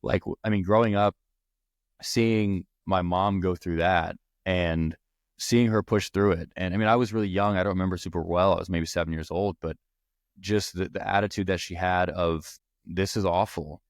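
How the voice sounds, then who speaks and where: A man's voice: low voice, fairly even intonation, moderate pace, no echo, studio quality. A young man hosting a podcast, earnestly telling personal stories in a rambling way with restarts. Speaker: podcast host. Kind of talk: personal storytelling.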